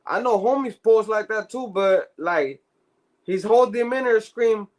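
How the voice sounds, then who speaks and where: Brief: man, podcast co-host, loose profane storyteller, fairly high voice. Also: unhurried. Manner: profane, slangy, laughs often. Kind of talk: casual chat, storytelling.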